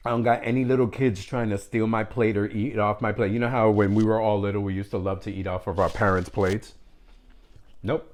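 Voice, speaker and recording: A man's voice: fairly low pitch, slight background noise. A man talking to camera in a casual mukbang vlog at home, candid and joking, chatting with his viewers and dropping in Spanish phrases. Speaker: food vlogger.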